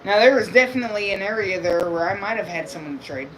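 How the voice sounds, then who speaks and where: A man's voice: sits high, fast talker, fairly bright tone, a little hiss or hum, rough recording. Rambling, crude male streamer. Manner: rambling, crude, laid-back. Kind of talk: casual live-stream chat.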